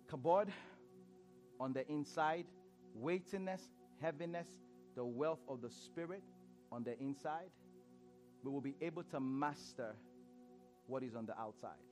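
Male preacher, sermon, high voice, swooping animated delivery, faint music behind. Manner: animated, laughing, repeats phrases and asks the crowd.

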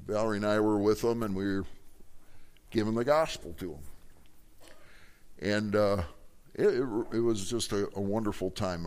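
A middle-aged man teaching a Bible class, telling stories and acting out the voices of the people in them. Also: fairly low pitch. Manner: animated storytelling, acting out quoted voices.

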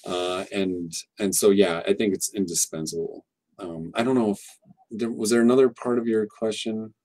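A man's voice: lowish voice, steady tone, normal speed, darkish tone. A man talking casually on a podcast about teaching pronunciation, rambling and restarting often. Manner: rambling, frequent restarts and fillers, explanatory. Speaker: English teacher guest.

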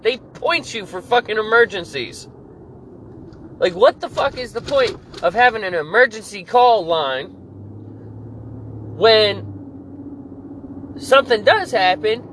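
A man's voice: sits high, lively intonation, unhurried, pauses often, a bit bright, slight background noise, rough recording. A man ranting angrily and profanely about his job, irritated and fed up. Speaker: podcast host. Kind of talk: angry work rant monologue.

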